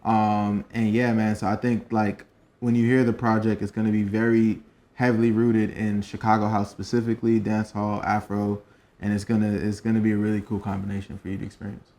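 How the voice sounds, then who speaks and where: Flat, low-voiced laid-back man. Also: brisk. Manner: laid-back, filler-heavy, monotone. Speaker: DJ and producer. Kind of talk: casual interview chat.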